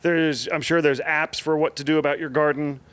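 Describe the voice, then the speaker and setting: A man co-hosting a casual comedy chat, musing wryly with halting restarts. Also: a little high, steady tone, fairly bright tone, clean tone. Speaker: podcast co-host.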